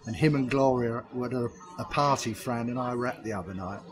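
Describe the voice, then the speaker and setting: Speaking a little fast in a mid-range voice, this older pantomime writer and comic performer spins anecdotes during an interview, frequently laughing at his own tales.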